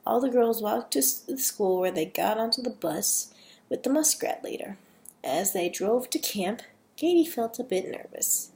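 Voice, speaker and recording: A woman's voice: mid-range voice, expressive, normal speed, warm tone. A woman, slightly sick, reading a fan story aloud in a casual, chatty way with self-deprecating asides.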